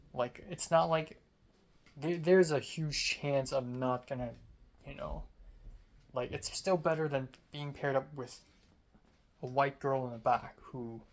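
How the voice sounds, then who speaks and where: A sleepy young man from Hong Kong, a student telling a rambling casual vlog story, talking slowly with many fillers. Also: medium pitch. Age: young adult. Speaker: student vlogger.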